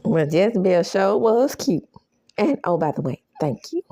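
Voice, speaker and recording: A woman's voice: medium pitch, very animated, unhurried, dark tone, breathy edge, no echo, clean studio sound. A woman recapping a TV episode in a casual, sassy way, laughing often and acting out the characters' lines. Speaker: recap host. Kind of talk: casual show recap with reactions.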